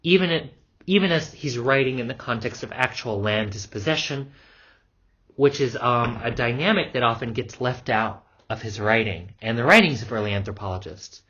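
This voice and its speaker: Guy giving an anthropology lecture, casual, swears a lot, mid pitch, muffled lo-fi audio. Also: moderate pace, bright, forceful tone, husky. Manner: casual, swearing, frequent ums. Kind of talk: recorded lecture. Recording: dull lo-fi recording.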